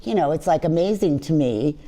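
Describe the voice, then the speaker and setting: A woman's voice: sits low, expressive, a little fast, mellow. An older woman, a chef, telling brash, profane stories in a casual interview. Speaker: guest chef.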